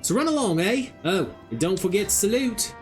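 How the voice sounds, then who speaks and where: A man voicing a rough-spoken older male schemer with a folksy, put-on rustic drawl. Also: sits high, expressive, normal speed, darkish tone, soft background music, voice pushed up. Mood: scheming.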